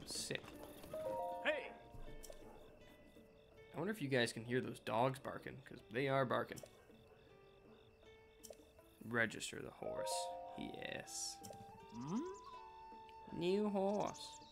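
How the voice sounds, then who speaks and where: An excitable man commentates as he plays, his pitch leaping all over the place. He swears playfully and talks straight to the game, with music playing behind him. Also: takes it slowly, gravelly, long pauses. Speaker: let's play gamer. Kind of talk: casual gameplay commentary.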